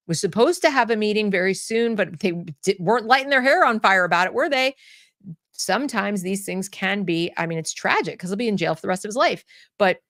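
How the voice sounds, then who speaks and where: A woman hosts her own commentary show and gives her opinions bluntly. Her voice sits at an ordinary middle pitch. She often repeats words and restarts her sentences, and the sound is dry and close. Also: no echo. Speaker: host.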